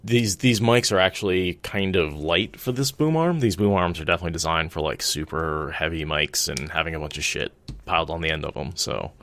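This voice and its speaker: A man co-hosting a podcast, talking in relaxed, chatty storytelling. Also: low voice, a little fast. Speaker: podcast co-host. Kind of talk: casual chat.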